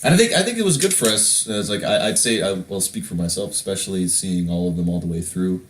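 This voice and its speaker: A man's voice: low voice, lively intonation, fast, recorded from a distance, a little hiss or hum. A man co-hosting a podcast, rambling casually with many restarts. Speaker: podcast co-host. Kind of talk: casual chat. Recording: echoey room.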